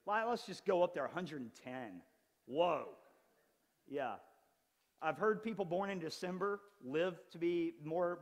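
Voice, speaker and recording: A pastor in his forties preaching an animated, conversational sermon with touches of humor. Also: on the high side, big-room sound. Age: 40s. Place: church sanctuary.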